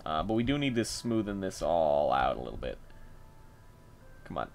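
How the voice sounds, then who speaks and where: A young man giving casual gameplay commentary, thinking aloud, getting excitable and swearing as he works. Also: sits low, normal speed, creaky, a little hiss or hum. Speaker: gameplay video host.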